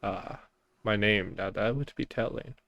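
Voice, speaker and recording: A man's voice: lowish voice, measured pace, vocal fry, sharp tone, no echo, dull audio, exaggerated voice. A man voicing a guarded, evasive misty stranger in a tabletop game. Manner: curt and secretive.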